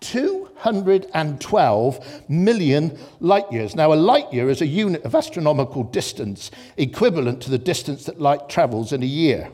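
A man preaching a sermon in church, impassioned, swinging between loud exclamations and hushed reflection. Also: fairly high pitch, sing-song, normal speed, few pauses.

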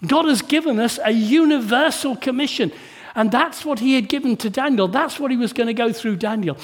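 High-voiced preacher, sermon with tag questions. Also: male voice, brisk. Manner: rhetorical, full of tag questions to the congregation; swings between hushed and emphatic. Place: church.

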